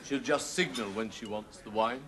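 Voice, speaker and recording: A man's voice: fairly low pitch, moderate pace, heavy background noise, lightly acted. A man playing a stiff, formal head waiter in a 1970s TV sketch, speaking in a polite, deferential way.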